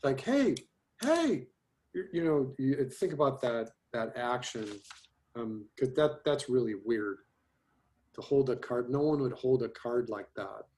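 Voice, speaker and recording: A man's voice: medium pitch, measured pace, darkish tone. Man, instructor, online class critique, loose and rambling, video call. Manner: chatty, many restarts and fillers. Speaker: storyboard instructor.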